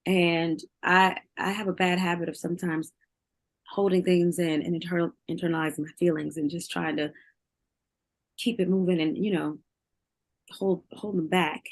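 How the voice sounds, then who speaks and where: A woman in her forties, a singer, talking candidly in an interview, full of fillers and quick to laugh. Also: on the low side, fairly even intonation. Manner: candid, heavy filler use, laughs easily. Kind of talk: emotional interview conversation.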